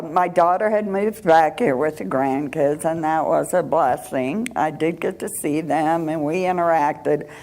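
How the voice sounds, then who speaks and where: An older woman shares her church testimony in a slow, unhurried way. Her voice is low and gravelly, and she stops and restarts as she searches for words. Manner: halting, unhurried storytelling with restarts and soft laughs. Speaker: church member giving testimony. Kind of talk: personal testimony.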